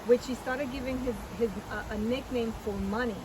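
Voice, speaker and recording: A woman's voice: on the high side, fairly even intonation, moderate pace. Woman chiming in on a noisy recording. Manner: chiming in with short agreements. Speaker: co-host. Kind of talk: casual book review chat. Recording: noisy background.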